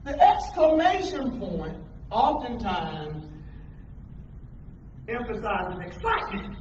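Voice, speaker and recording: High-voiced preacher guy, lively swoops, echoey church from far off. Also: takes it slowly, a little hiss or hum. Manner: animated, calls out questions for the crowd to answer. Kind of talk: call-and-response sermon. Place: church hall with a congregation. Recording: echoey room from far off, dull lo-fi.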